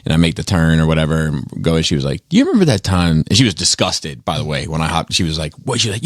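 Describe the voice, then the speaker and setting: A man co-hosting a podcast, telling profane, animated stories in casual chat with lots of laughter. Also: rumbling low, fast, few pauses, no echo, clean studio sound. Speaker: podcast co-host.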